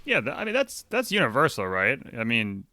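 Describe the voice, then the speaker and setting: A man co-hosting a casual book club podcast, animated and quick to react, swearing freely. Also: mid-range voice, no room sound. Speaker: podcast co-host.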